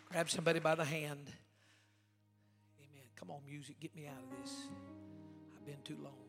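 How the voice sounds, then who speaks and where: Gravelly preacher in an echoing hall. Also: male voice, on the high side, steady tone, normal speed. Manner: fiery, swinging from loud shouts to hushed near-whispers; folksy, joking asides. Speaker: evangelist preacher. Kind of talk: revival sermon. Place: church sanctuary. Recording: long hall reverb with faint music.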